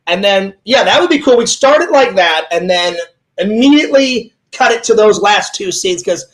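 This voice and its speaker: High-pitched guy hosting a chat, rambly, tells long stories and repeats stuff. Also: lively intonation, normal speed, a bit bright, rough recording. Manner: rambling storyteller, repeats himself, acts out what people said. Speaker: host. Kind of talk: casual chat.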